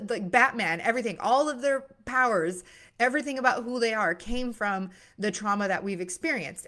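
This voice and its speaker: A woman's voice: medium pitch, fairly bright tone. Earnest woman coaching on mindset. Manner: earnest, casual, with many fillers and restarts; acts out worried voices with sudden gasps. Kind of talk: motivational monologue.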